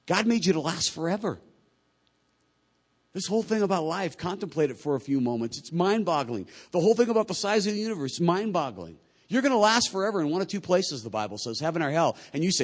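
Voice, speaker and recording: A pastor with a high, breathy-edged voice preaches in a conversational style. His sermon swings between hushed, unhurried moments and louder, quicker ones, and he voices quoted people vividly.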